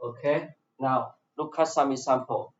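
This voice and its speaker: A man teaching an English grammar lesson in a classroom, slowly repeating each phrase for his students in non-native English with small grammar slips. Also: medium pitch, fairly even intonation. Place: classroom with a board. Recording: echoey, distant, dull lo-fi classroom recording.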